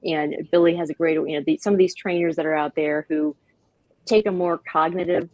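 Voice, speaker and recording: A lively woman guest with a low voice speaks over a video call, recorded dry with no room sound. She bubbles with excitement and slips into playful put-on voices when quoting people. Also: brisk, dry recording, highs cut off. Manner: enthusiastic, acts out voices in quoted asides. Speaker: guest, founder of a dog-park nonprofit. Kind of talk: animated conversational interview.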